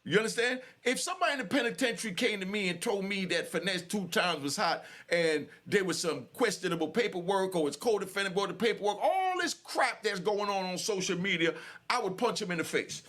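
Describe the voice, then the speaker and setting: An older man talks straight to the camera in a heated, emphatic way, repeating himself and packing his speech with fillers. His voice sits high for a man. He is worked up and angry. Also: animated, brisk, a bit bright. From New York. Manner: emphatic, repetitive street talk with many fillers. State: angry and sweating. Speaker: channel host. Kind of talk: heated direct-to-camera talk.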